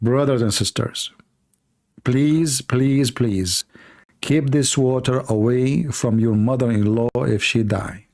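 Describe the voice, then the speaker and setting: A man's voice: medium pitch, slow pace, a little mellow. Sarcastic man with non-native English. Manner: sarcastic, jokey, repetitive. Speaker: livestream host. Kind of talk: mocking religious commentary.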